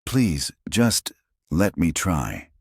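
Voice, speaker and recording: Give me a man playing a shaken, pleading young father with a very deep, hoarse voice. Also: big pitch swings, very slow, darkish tone, no echo, clean studio sound, full character voice.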